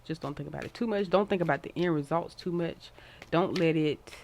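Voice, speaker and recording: A woman casually giving a tarot reading to her viewers, encouraging and repeating herself, with sudden excited jumps in pitch. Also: a little fast, gravelly, slight background noise. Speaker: tarot card reader.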